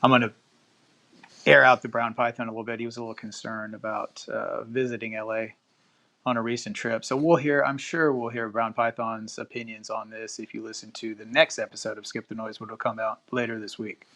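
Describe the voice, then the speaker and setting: A man's voice: medium pitch, little pitch movement, fairly quick, pushed and bright. Chatty, profane male podcast host. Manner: loose, profane, chatty asides. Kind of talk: casual live-stream chat and news reading.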